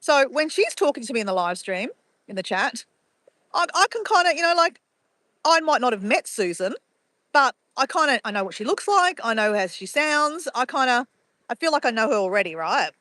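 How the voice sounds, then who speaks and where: A woman's voice: sits high, very animated, moderate pace, bright, forceful tone, no echo. A woman streaming live from her phone outdoors at sunrise, chatting casually and reading out viewers' messages. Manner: chatty, greets viewers by name and reads chat aloud.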